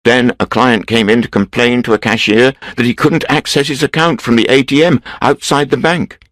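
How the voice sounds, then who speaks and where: A man reading a story aloud in a steady, measured way for English learners. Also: mid-range voice, low-quality recording. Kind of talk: scripted storybook narration.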